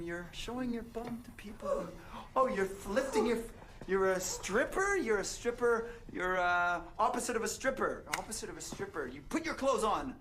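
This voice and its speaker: A man's voice: high-pitched, fairly bright tone, a little hiss or hum. An actor playing a flustered male fiancé in a comedy film, stammering and guessing in a rush, with many fillers. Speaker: groom-to-be.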